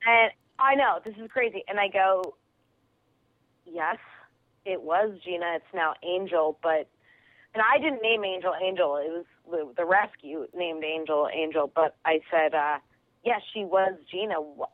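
A woman's voice: on the low side, no echo. A woman comedian telling a story with lots of energy, laughing easily and acting out the people in it over a phone line. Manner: lively, quick, laughs easily, acts out voices in stories. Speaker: comedian and actress, interview guest.

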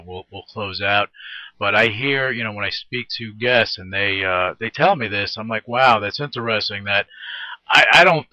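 A man's voice: lowish voice, no echo, highs cut off. A man hosting an interview show, talking in an earnest, rambling and encouraging way. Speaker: podcast host. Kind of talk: casual interview chat.

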